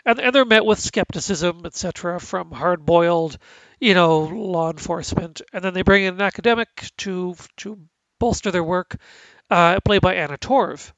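A man's voice: high voice, normal speed, fairly bright tone, no room sound, rough recording. A man with stuffy sinuses co-hosting a casual chat about TV, rambling with many restarts and fillers. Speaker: podcast co-host.

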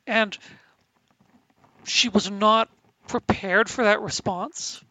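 A woman from Canada chats on a podcast and drifts through a long anecdote, circling back with restarts and fillers. Her voice is bright and forward. It is recorded dry and close, with no room around it. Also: mid-range voice, fairly even intonation, slow, pauses often, no echo, poor audio. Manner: rambling, lots of restarts and fillers. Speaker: podcast co-host. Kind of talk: casual chat, storytelling.

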